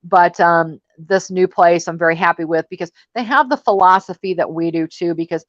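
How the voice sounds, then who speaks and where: A woman's voice: fairly low pitch, moderate pace, no room sound, lo-fi sound. A woman hosting a casual panel chat, telling stories in a chatty, exasperated way. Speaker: host.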